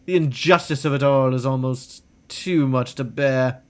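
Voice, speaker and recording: A haughty, melodramatic elf doctor fallen from grace, as a man reads him aloud from a game. He speaks smoothly and grandly, at a middle pitch. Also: normal speed, natural voice. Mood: self-pitying. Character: pompous disgraced male elf doctor. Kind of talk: reading game dialogue aloud.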